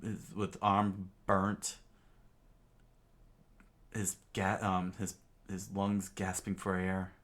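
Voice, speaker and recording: A man reading a comic aloud in a casual way, halting with restarts and fillers. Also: low-pitched, completely flat delivery, a bit bright. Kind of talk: casual comic read-along.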